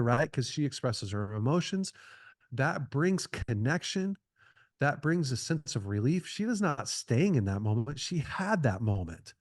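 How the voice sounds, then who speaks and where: A middle-aged man appears as a podcast guest, offering earnest advice conversationally while repeating and restarting his phrases. His voice is a little high, and the recording is dry with clean studio sound.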